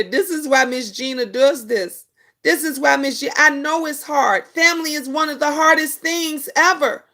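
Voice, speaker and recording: Her voice sits high, pushed and bright, at a moderate pace. This middle-aged woman runs a casual livestream, answering viewers' comments in an emphatic, preachy manner and going over her points again and again.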